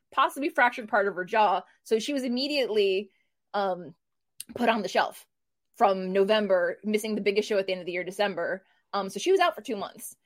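Chatty woman co-hosting a wrestling preview. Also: mid-range voice. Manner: animated storytelling with fillers. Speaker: wrestling podcast co-host. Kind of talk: casual preview chat.

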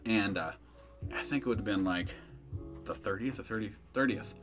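A man's voice: on the low side, normal speed, fairly bright tone, soft background music. A young man hosting a podcast, telling a rambling, profane story in casual chat, full of fillers. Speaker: podcast host.

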